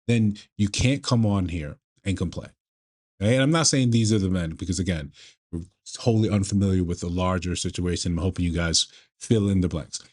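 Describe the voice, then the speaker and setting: A man commenting on a video clip in a measured, lecturing way, often restarting his sentences. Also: fairly low pitch. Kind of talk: casual commentary.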